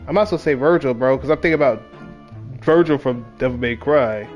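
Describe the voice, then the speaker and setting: A man's voice: medium pitch, fairly quick, darkish tone, muffled recording, soft background music. A man streaming a game, chatting casually between lines with slangy, self-deprecating jokes. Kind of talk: casual gaming commentary.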